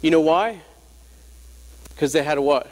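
A man's voice: a little high, unhurried, darkish tone, big-room sound. A man preaching a sermon, telling stories and drawing the congregation in with emphatic call-and-response questions. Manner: storytelling with rhetorical questions.

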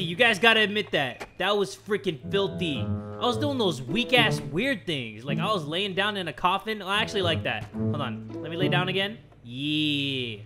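A young man giving loud, swearing let's-play commentary over a skateboarding game, yelling and laughing as he plays. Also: high-pitched, big pitch swings, normal speed. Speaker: gaming YouTuber. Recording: game music in the background.

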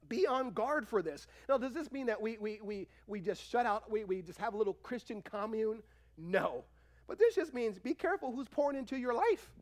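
Man preaching, high-pitched, very animated pitch, pastor. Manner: animated preaching, acts out quoted voices. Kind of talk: sermon. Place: church sanctuary.

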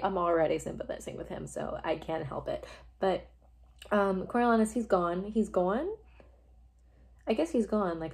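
A woman speaking into a phone in a loose, informal way, full of fillers and rough asides. She talks through a play as casual commentary. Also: fairly low pitch, a little mellow. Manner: chatty and informal, swears, filler-heavy. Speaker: video creator summarizing a play.

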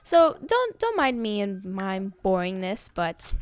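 A young woman giving casual gameplay commentary, excitable and gushing as she talks to her viewers. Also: medium pitch, measured pace, hardly any pauses, slight background noise. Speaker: gaming video host.

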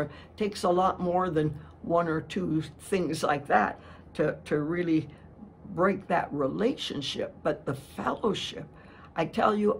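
Slow, gravelly older woman preaching. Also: fairly low pitch, a little hiss or hum. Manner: slow, earnest storytelling with frequent restarts. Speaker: speaker giving a testimony talk. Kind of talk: sermon with personal testimony.

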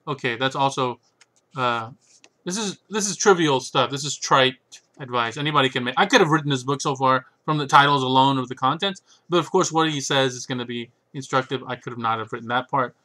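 His voice is mid-range, bright and forceful as he chats alone about his books. This chess book reviewer rambles casually, with sarcastic asides and repeated "right?".

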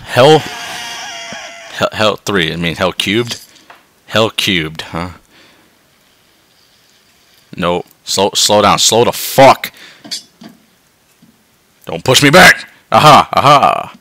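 A man swearing his way through a game, dropping to tired mutters and then yelling in excitement. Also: on the low side, slow, pauses often. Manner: swearing, swinging between mutters and yelps. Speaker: gameplay commentator. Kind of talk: profane let's-play commentary.

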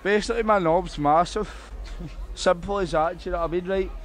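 A young Scottish man on a night out, loud, drunk and rambling as he is interviewed on the street. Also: high-pitched, a little fast. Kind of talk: rowdy street banter.

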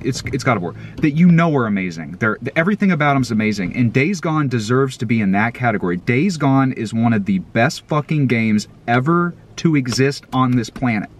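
A man hosting a vlog in a casual, profane rant, excitable and jumping between loud outbursts and muttered asides. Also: mid-range voice, brisk, few pauses, a little hiss or hum. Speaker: vlog host.

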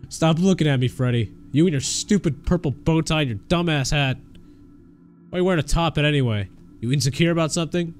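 A young man giving excitable live gameplay commentary, swearing and laughing as he reacts. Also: a little high, brisk, soft background music. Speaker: streamer.

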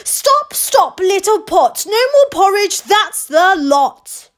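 A woman's voice: extremely high pitch, big pitch swings, slow pace, voice pushed up, full character voice. A woman doing a firm young girl chanting a rhyme. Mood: commanding. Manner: sing-song chanting of a rhyme. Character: young girl, calm and sure.

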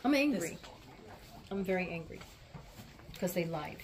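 A woman's voice: lowish voice, expressive, unhurried, slight background noise. A woman helping at an animal rescue, speaking bluntly and indignantly. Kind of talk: casual conversation.

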